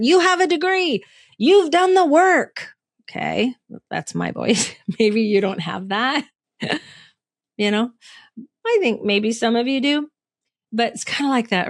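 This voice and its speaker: Speaking in a low, gravelly voice, a middle-aged woman hosts a reflective solo podcast as a coach. She talks conversationally, puts questions to her listeners, and laughs at herself, all in a dry, studio-quality recording.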